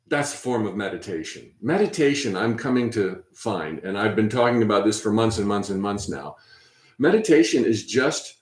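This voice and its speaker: Man, host, guided spiritual talk, conversational, encouraging, roomy echo. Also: mid-range voice. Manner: conversational, encouraging, repeats phrases softly.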